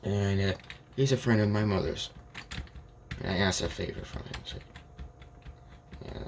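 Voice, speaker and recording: A man's voice: low voice, very animated, measured pace, gravelly, noisy background. A young man telling an improvised fan story, rambling with constant restarts and quoting each character's lines in his own plain voice.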